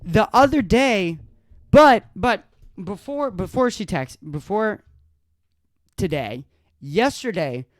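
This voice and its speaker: A man's voice: sits high, animated, takes it slowly, pauses often, no echo. A man telling a story on his solo podcast, in no hurry and often laughing at it. He restarts his sentences as he goes, and his voice sits dry and close to the mic. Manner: amused, often breaks into laughter while retelling. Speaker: podcast host.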